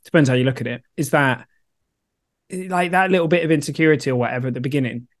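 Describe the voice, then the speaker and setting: A man's voice: a little high, fast talker. A man co-hosting a podcast in casual chat, jokey and casual about swearing. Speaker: podcast co-host.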